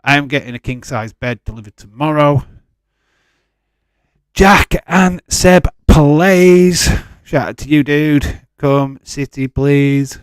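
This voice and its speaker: A man's voice: medium pitch, flat delivery, normal speed, few pauses, clear, resonant tone, no echo. A man, hosting a livestream and answering viewers in chat in a defensive, direct way. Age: 40s. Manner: defensive, talks straight to chatters by name. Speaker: livestream host. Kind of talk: casual watch-along chat, answering live chat.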